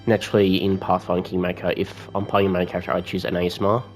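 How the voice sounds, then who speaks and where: A man's voice: low-pitched, little pitch movement, racing, soft background music. Chatty Australian man playing a game. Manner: rambling, chatty, swears casually. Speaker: gamer. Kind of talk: casual let's-play commentary.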